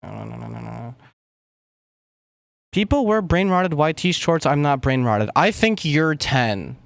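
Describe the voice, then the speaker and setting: A man's voice: on the high side, big pitch swings, a little slow, gravelly, no echo, studio quality. A young man talks casually on a music-making livestream, rambling and swearing under his breath. He trails off and mumbles between thoughts as he clicks away at his desk mic. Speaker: music producer streaming.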